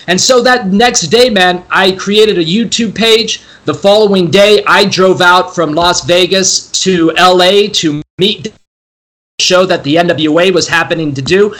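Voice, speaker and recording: A man from the West Coast chats as a podcast guest in a high, bright voice. He talks with eager enthusiasm and drops curse words casually. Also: a little slow. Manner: enthusiastic, chatty, swears freely.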